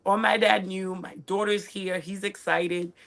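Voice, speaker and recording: Gravelly-voiced woman telling her story. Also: medium pitch, measured pace. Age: 40s. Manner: animated, acts out family quotes. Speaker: guest chef and restaurateur. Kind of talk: casual storytelling interview.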